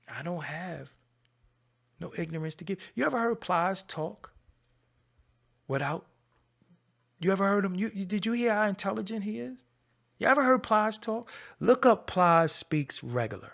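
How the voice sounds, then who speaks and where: Some guy with a gravelly voice ranting at his viewers, confrontational, gets loud then drops low. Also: expressive, normal speed. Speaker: channel host. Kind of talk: ranting commentary to camera.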